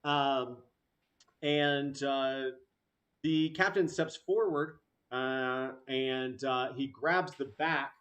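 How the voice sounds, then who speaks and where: A man narrating a tabletop game as game master, halting, with many fillers. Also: mid-range voice, fairly even intonation, fairly bright tone.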